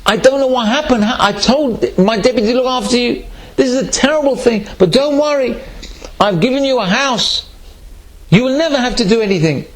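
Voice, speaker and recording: A man's voice: extremely high pitch, normal speed, voice pushed up. A man playing an indignant duke who scolds his deputy, then reassures a tenant. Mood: apologetic. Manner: exasperated, scolding. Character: indignant generous male duke landlord.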